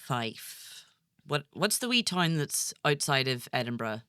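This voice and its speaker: A woman comedian guesting on a podcast, telling an anecdote in an animated, rambling way with bursts of laughter. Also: low voice, unhurried, clear, resonant tone, no echo, clean studio sound. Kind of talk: casual comedic storytelling.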